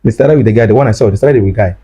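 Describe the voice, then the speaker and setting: A man tells his story in a husky, mellow voice. He circles back and repeats his phrases, and he acts out what people said. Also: on the low side, racing, rough recording. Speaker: guest recounting his ordeal. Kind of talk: emotional first-person storytelling.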